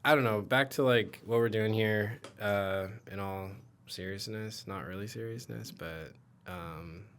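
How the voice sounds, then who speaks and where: Low-voiced man, soft-spoken podcast host. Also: a little slow, a little hiss or hum. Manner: soft-spoken, trails off with fillers. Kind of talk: casual chat.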